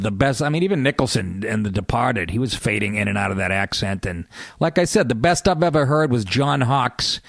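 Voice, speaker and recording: A man's voice: lowish voice, no room sound, clean studio sound. A man with a Boston accent, a comedian hosting his podcast in a profane, rambling comic monologue. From Massachusetts.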